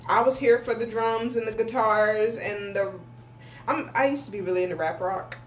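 Woman, podcast co-host, high lively voice, giggly, casual chat, echoey room. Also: moderate pace. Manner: giggly, animated storytelling.

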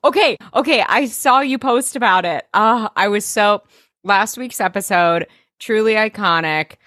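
A woman's voice: medium pitch, fairly bright tone, dry recording, studio quality. Gushing woman podcast co-host. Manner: enthusiastic, gushing, quick agreement. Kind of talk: casual chat. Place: Chicago.

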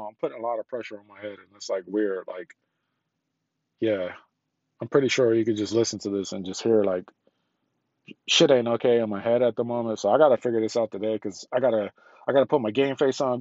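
A middle-aged man vents alone into his podcast mic from a parked car, rambling and swearing in frustration. His voice is congested and sits at a plain, everyday pitch. The recording is dry and a little dull, with no room ring. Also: darkish tone, no echo. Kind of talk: solo venting podcast. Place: parked car in a parking lot.

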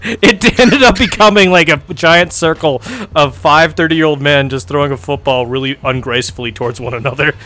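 A man's voice: fairly high pitch, fairly quick, hardly any pauses, bright, forceful tone. A man in his thirties joking crudely in a casual podcast chat. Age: 30s. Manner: joking, puts on voices of others. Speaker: podcast co-host.

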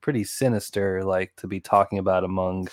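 A man's voice: low-pitched, fairly even intonation, brisk, no room sound, studio quality. A man co-hosting a podcast, chatting casually about a TV episode, rambling with lots of "like" and "you know" and laughing along. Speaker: podcast co-host. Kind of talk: casual chat reviewing a TV episode.

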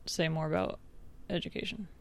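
Woman cohost with a gravelly voice, teasing and chatty, dry sound. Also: on the low side, fairly even intonation, a little fast, no room sound. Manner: teasing, chatty, laughs often. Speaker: podcast co-host. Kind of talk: casual chat.

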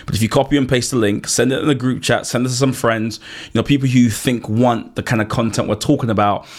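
A man's voice: medium pitch, fairly even intonation, quick pace. A man hosting a podcast, asking earnest questions and urging listeners to subscribe and share. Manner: earnest, repeats words, urges listeners directly. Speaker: podcast host. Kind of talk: interview questions and podcast outro.

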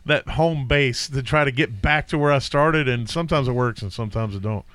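A man's voice: medium pitch, brisk, a bit bright, no echo. A man co-hosting a casual fantasy football podcast, rambling with fillers and restarts. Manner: rambling, with many fillers and self-corrections. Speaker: podcast co-host.

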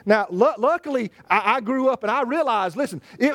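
A man preaching a sermon in an animated way, stammering and restarting, and acting out the voices he quotes. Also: very high-pitched, moderate pace, few pauses. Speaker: pastor.

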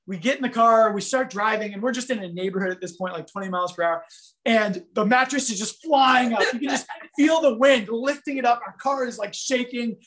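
A man giving a sermon, telling a story in an animated, conversational way full of fillers. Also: extremely high pitch, brisk. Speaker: preacher.

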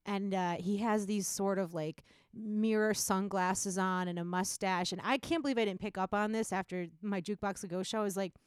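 A woman co-hosting a podcast, telling stories in casual chat and acting out quotes in a higher voice. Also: fairly even intonation, normal speed, few pauses, clear, resonant tone, no room sound, studio quality. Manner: chatty storyteller, acts out quotes with a jump in pitch. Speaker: podcast co-host.

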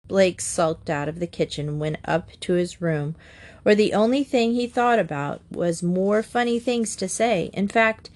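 A woman narrating a children's chapter book aloud in a gentle, steady manner. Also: medium pitch. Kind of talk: storybook reading aloud.

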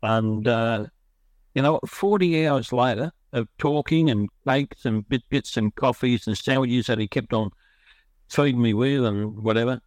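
A man's voice: mid-range voice, measured pace, no room sound. Earnest Australian man telling his story. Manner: rambling, earnest, self-interrupting storytelling. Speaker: recovery speaker. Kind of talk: personal recovery story.

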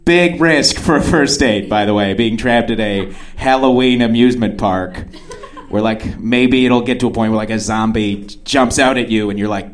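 A man's voice: medium pitch, expressive, normal speed. A young man doing stand-up storytelling in a rambling, self-deprecating way, full of restarts and acted-out quotes of himself. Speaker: stand-up comedian.

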